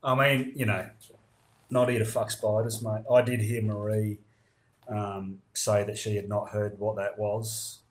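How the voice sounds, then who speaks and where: A man's voice: fairly low pitch, little pitch movement, unhurried. A man with an Australian accent, hosting a podcast and explaining local slang in crude, laid-back casual chat. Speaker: podcast host.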